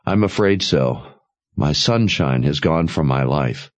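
Audiobook: male narrator as a measured, ironic widower, low and slow. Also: animated. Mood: calm. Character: grieving older husband, calm and quietly smug. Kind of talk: audiobook character voice.

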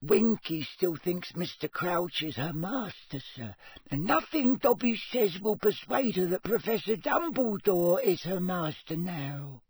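A tiny, tearful house elf with a squeaky, soaring voice that swoops up and down, slow and pleading. The husky edge of the reader still shows through, and the recording is dry and close. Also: male voice, animated, darkish tone, no echo, full character voice. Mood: sad, hushed. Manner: high, slow and pleading, speaks of himself by name. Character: small excitable male house elf, devoted and tearful. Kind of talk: audiobook character voice.

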